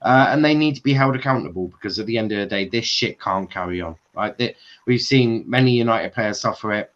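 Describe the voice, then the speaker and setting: Low-voiced man hosting on a dull call. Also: brisk, a bit bright. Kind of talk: casual football chat.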